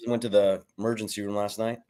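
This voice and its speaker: A man co-hosting a casual chat show, speaking in a blunt, deadpan way. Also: on the low side, quick pace, clean tone. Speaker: co-host.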